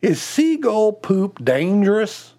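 A man's voice: high-pitched, big pitch swings, slow pace, mellow, pitched above the performer's own voice, heavily acted. A man voicing a sympathetic man at a bar, who asks courteous, concerned questions in a told joke.

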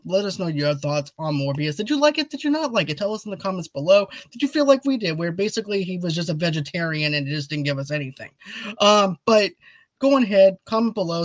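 A man hosting a casual video review chat, talkative and animated, urging viewers to comment. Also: high-pitched, no echo. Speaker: video host.

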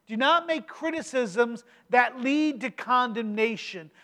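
Middle-aged pastor, very high voice, emphatic sermon delivery with rhetorical questions. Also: male voice, animated, pushed and bright. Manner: emphatic preaching with rhetorical questions and slow stressed phrases.

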